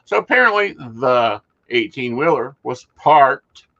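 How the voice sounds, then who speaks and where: A man with a bright, forward tone co-hosts a casual talk show. He relays news items with dry humor. The recording sounds a little dull and lo-fi. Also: medium pitch, animated, unhurried. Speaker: podcast co-host. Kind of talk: casual chat and reading news.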